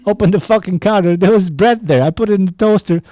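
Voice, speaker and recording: A man's voice: high voice, fast talker, warm tone, no room sound. Profane ranting man. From Romania. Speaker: podcast host. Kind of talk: casual solo podcast rant.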